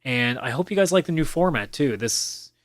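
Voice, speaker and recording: A man's voice: fairly high pitch, lively intonation, moderate pace, no room sound, studio quality. A man hosting a casual solo podcast, talking bluntly with plenty of swearing and sometimes mimicking other players in mocking voices. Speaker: podcast host. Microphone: camera with mic on a desk.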